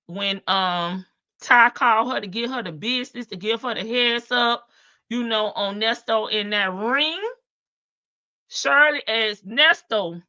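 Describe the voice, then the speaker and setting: A woman's voice: on the high side, a little slow, sharp tone, no room sound, lo-fi sound. A woman hosting a casual commentary livestream, chatty and sassy, laughing often. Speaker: live-stream host.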